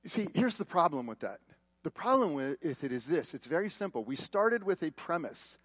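A male pastor preaching a sermon, telling personal stories with repeated words and shifting from loud emphasis to hushed tones. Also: fairly high pitch, sing-song, no echo. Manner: storytelling with repeated words and quick asides. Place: church.

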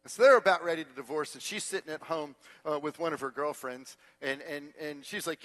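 A middle-aged man preaching a sermon as pastor, telling a story and acting out its voices, sometimes dropping to a hushed tone for emphasis. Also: a little high, fairly quick, hardly any pauses.

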